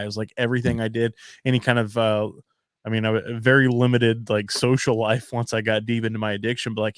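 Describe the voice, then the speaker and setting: A man with a lowish voice joins a casual talk. He speaks plainly and openly. The sound is close and dry. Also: no room sound. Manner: candid, plainspoken storytelling. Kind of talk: casual interview chat.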